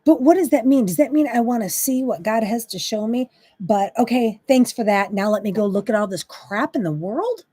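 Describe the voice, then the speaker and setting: An impassioned woman delivers a faith-based monologue as a host, her pitch leaping and dropping as she vents her exasperation. Her voice sits a little high but mellow and slightly husky, recorded dry and close. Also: animated, normal speed, no room sound. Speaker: Christian talk host.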